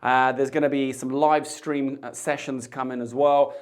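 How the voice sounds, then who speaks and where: Bartender host, male, mid pitch, casual and jokey tasting talk. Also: flat delivery, moderate pace. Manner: chatty, jokey asides. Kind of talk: casual tasting chat to camera.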